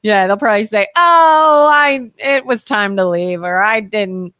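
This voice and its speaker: A woman's voice: mid-range voice, moderate pace, fairly bright tone, smooth, no room sound. A woman co-hosting a live talk radio show, telling stories animatedly, acting out quotes and asking pointed questions.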